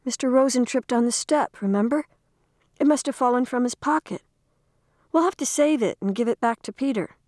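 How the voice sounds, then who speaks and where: A woman's voice: a little high, moderate pace, a little mellow, dry recording, clean studio sound, voice pushed up, lightly acted. A woman reading a storybook, voicing an earnest young girl who asks urgent questions. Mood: eager.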